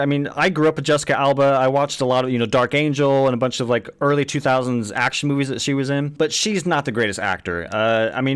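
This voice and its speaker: A man in his thirties giving a casual spoken movie review, blunt and exasperated, swearing often and asking rhetorical questions. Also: mid-range voice.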